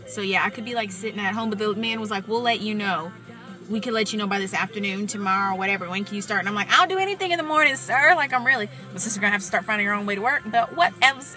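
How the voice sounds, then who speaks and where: A young woman talking straight to her viewers in an excited, rambling casual vlog, with plenty of asides to the audience. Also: medium pitch. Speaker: vlogger.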